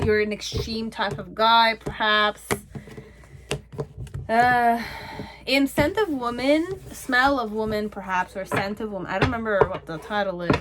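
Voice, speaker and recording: A woman's voice: medium pitch, background noise. Chatty woman giving a rambling tarot reading. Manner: rambling and chatty, with frequent "okay?" and "like". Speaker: tarot reader. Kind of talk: casual pick-a-card tarot reading.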